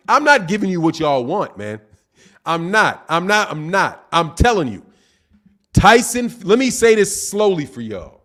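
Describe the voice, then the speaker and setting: A man with a high, lively voice hosts a boxing live stream. He reads viewer comments aloud and fires back at them, teasing and combative, dropping "man" and "dog" at the end of his lines. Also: moderate pace. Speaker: boxing channel host.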